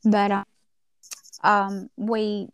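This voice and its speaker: A woman from Mississippi with a Mississippi Southern accent, telling animated stories as a podcast guest, acting out the people she quotes and often restarting her sentences. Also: mid-range voice, extremely slow, clean tone, no room sound. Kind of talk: casual storytelling chat.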